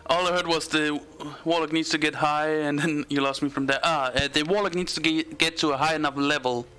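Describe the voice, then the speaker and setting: Bright, clear-voiced man running the game. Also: fairly high pitch, steady tone. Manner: halting, many fillers and restarts. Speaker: game master and streamer. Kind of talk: casual chat between game sessions.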